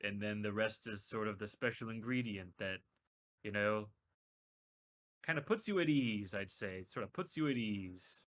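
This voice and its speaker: A man's voice: on the low side, moderate pace, a bit bright. A man playing a tabletop role-playing game, answering in a hesitant, easygoing way. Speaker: player.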